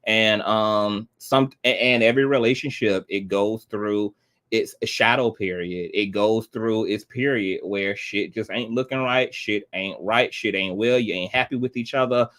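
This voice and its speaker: A man's voice: fairly low pitch, measured pace, fairly bright tone. Tearful man hosting a livestream. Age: 30s. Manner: heartfelt, emotional, repetitive, swears often. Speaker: livestream host. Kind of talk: emotional livestream chat.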